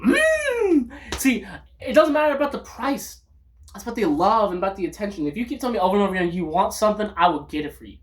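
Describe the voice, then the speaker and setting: A woman vlogging in an upbeat, rambling monologue, breaking into loud outbursts when she acts out quotes. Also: mid-range voice, animated, racing.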